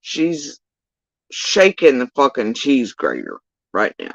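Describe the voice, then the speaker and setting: A woman's voice: extremely low pitch, big pitch swings, unhurried, no echo, low-quality recording. A woman hosting a livestream, ranting in casual, sarcastic and profane reaction commentary. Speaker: livestream host.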